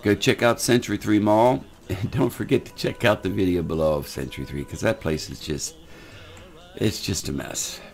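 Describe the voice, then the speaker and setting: A man's voice: on the low side, moderate pace, creaky. An older man, giving folksy, rambling casual commentary while playing a game, often repeating words. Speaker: gaming channel host.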